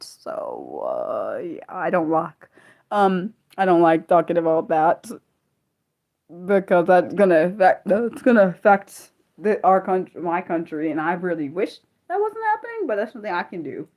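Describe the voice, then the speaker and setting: A woman hosting a casual unscripted livestream, rambling excitably with lots of quick questions and restarts. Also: medium pitch. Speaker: livestream host.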